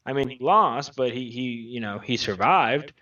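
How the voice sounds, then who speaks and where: A man co-hosting a sports podcast, giving laid-back, measured opinions in casual chat. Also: medium pitch, lively intonation, pushed and bright. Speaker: podcast co-host. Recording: distant lo-fi mic.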